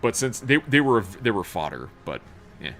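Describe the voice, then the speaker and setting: A man's voice: mid-range voice, sing-song, normal speed, a bit bright, faint music behind. A man streaming a role-playing video game, reading its text aloud in a casual, swearing tone and tripping over words now and then.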